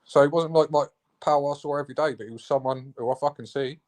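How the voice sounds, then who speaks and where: A young man chatting on a stream, animated and sweary, calling his friend mate and bro. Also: fairly high pitch, fast. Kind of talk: casual live-stream chat.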